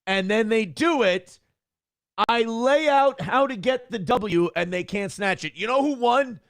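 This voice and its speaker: High-voiced man bragging and taunting. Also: animated, measured pace, a bit bright, no echo, clean studio sound. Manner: taunting, repeats phrases over and over. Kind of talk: boastful monologue.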